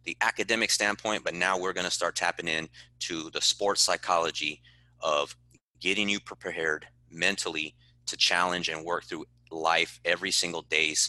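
Deep, sharp-toned earnest football coach, a man. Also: steady tone, moderate pace, dry recording. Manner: earnest, passionate, repeats words when emphatic. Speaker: high school football head coach. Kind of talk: podcast interview answers.

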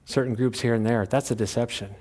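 A male pastor delivering a sermon in a plain-spoken, folksy way, swinging between loud, high exhortation and quiet, low asides. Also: fairly even intonation, fairly quick.

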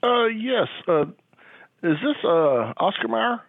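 A man's voice: sits high, big pitch swings, slow pace, gravelly, no echo. Older man rambling over a tinny phone. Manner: rambling, hesitant, many fillers. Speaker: caller, a father. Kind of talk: phone call. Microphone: telephone.

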